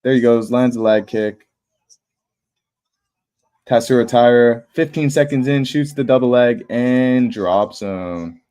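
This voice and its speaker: A young man calling a fight live on his stream, with a middle-pitched voice. He talks casually and bluntly and throws in slang and swears. His tone moves between flat and fired up. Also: slow, pauses often, clear, resonant tone. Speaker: livestream host. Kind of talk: live fight watch-party commentary.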